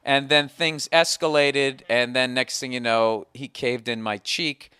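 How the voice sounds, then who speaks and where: A man's voice: medium pitch, fairly even intonation, measured pace, sharp tone, smooth, no room sound. A man hosting a podcast, telling a comic story in a rambling, profane, self-mocking way. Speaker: podcast host. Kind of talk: casual comedic storytelling.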